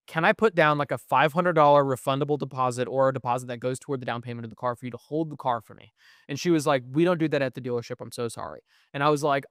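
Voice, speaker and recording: Young man telling a story, crisp dry voice. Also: mid-range voice, no room sound. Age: young adult. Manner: profane, animated storytelling. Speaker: podcast co-host. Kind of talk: casual storytelling chat.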